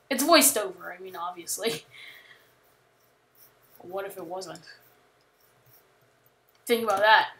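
Bright-voiced chatty woman gamer. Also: medium pitch, normal speed, long pauses. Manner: chatty, rambling, jokey, with sudden panicked yells. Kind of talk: casual gameplay commentary.

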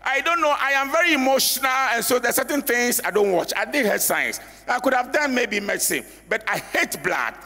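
A man's voice: extremely high pitch, very animated, fairly quick, few pauses, bright, forceful tone. A man, an elder preaching an emphatic sermon in a church and at times breaking into song. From Ghana. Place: church hall. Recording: reverberant church hall with music.

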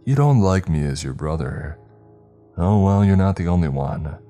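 A man's voice: low voice, animated, moderate pace, warm tone, faint music behind. A man voicing a cruel, mocking unseen spirit who claims to be the narrator's brother, with a sneering, taunting manner.

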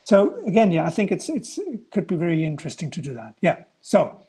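A man's voice: fairly high pitch, wildly swooping pitch, brisk, warm tone, slightly rough. A man giving a guest lecture on a video call, answering student questions in a hesitant way, with many restarts and fillers.

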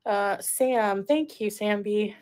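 A woman's voice: medium pitch, slow, darkish tone. A woman streaming live, chatting casually with viewers, reading comments and laughing often. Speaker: livestreamer. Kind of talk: casual livestream chat.

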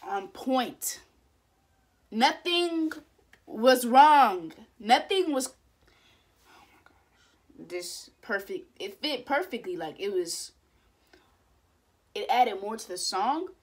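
A woman's voice: a little high, animated, slow pace, pauses often. A young woman hosting a music video reaction, gushing with effusive exclamations.

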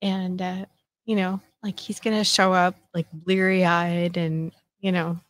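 A woman's voice: lowish voice, level tone, slow, dry recording. A woman in her fifties hosting a casual solo podcast chat, talking in a chatty, self-mocking way with lots of fillers. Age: 50s. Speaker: podcast host.

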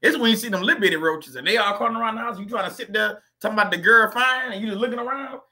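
A man's voice: sits high, rapid-fire, sharp tone. A man hosting a livestream, rambling in a joking way, laughing often and going off on chatty tangents. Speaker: livestream host.

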